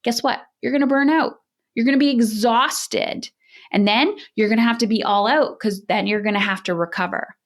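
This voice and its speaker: A woman's voice: fairly high pitch, normal speed. A woman parenting coach in a podcast interview, talking in a direct, emphatic coaching manner.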